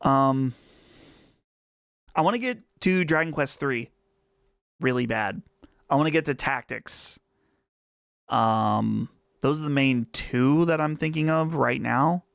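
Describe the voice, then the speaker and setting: Man, Western Pennsylvania accent, livestream host, rambling casual chat, mid-pitched, gravelly edge. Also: slow pace, pauses often, fairly bright tone, no room sound, studio quality. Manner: chatty, rambling, easygoing.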